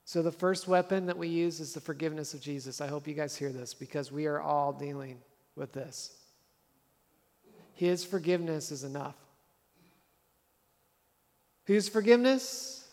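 A man's voice: on the high side, normal speed, pauses often, darkish tone, in a large hall. A man preaching a sermon as a pastor, conversational and earnest, driving points home with repeated phrases.

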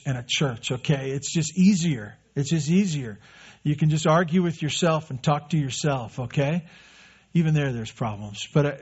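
A man's voice: medium pitch, breathy edge. A man preaching a sermon as pastor, earnest and conversational, often repeating a phrase for emphasis. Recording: dull lo-fi recording.

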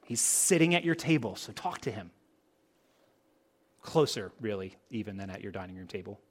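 A man's voice: on the low side, animated, moderate pace. A man preaching a sermon to a congregation, asking the listeners rhetorical questions. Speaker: pastor.

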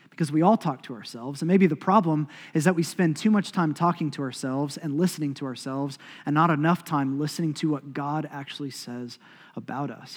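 A male pastor preaching a sermon in a church, talking conversationally and voicing inner thoughts, then building to loud, emphatic passages. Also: a little high, big-room sound. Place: church sanctuary.

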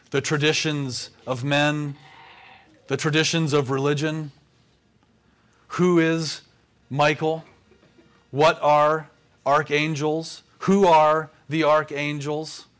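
A man, a pastor, preaching a sermon with measured pauses. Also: on the high side, a bit bright.

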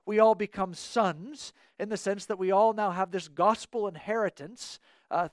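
A man's voice: high-pitched, no room sound, studio quality. A man preaching a sermon as pastor, earnest, repeating key phrases and asking the congregation rhetorical questions.

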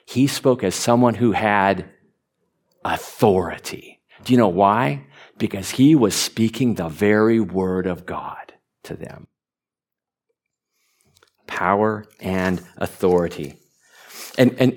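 A man preaching a sermon, animated, stumbling over repeated words and rising to emphatic peaks. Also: fairly low pitch. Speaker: pastor.

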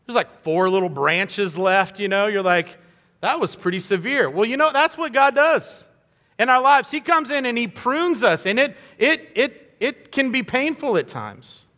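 Bright-voiced male pastor preaching. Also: very high voice, expressive, measured pace, big-room sound. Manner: earnest, conversational, acts out quoted voices. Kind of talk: sermon.

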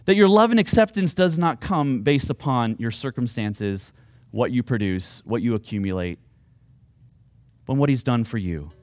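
A man's voice: medium pitch, animated, normal speed, darkish tone, dry recording. A man preaching a sermon, earnest and at times rising to fervent, pleading appeals. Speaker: pastor.

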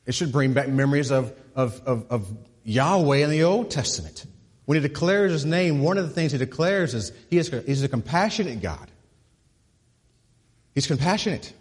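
With animation and at a normal speed, a male pastor gives a sermon whose husky, breathy edge echoes long through a cavernous sanctuary. He builds momentum through repeated words, then drops soft and low to land the key lines.

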